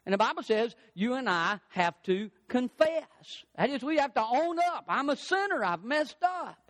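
An older man delivers a sermon from the pulpit with a strikingly high voice. His pitch swings widely as he drives points home in an emphatic, repetitive cadence. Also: sing-song, moderate pace, fairly bright tone. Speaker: pastor.

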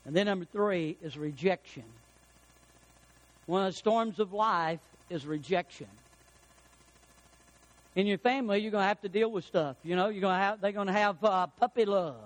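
Preaching in a high-pitched voice, a middle-aged pastor relaxes into folksy, homely anecdotes, then builds to emphatic climaxes to hammer his points home. He talks at normal speed with frequent pauses, and the audio is poor.

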